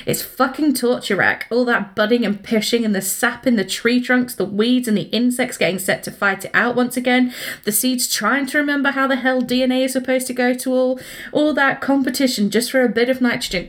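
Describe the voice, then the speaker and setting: Una mujer con acento británico co-presentando un pódcast sobre libros, relatando escenas con entusiasmo e imitando a los personajes. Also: female voice, fairly high pitch. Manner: animated retelling, acting out characters. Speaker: podcast co-host. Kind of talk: casual book-club chat.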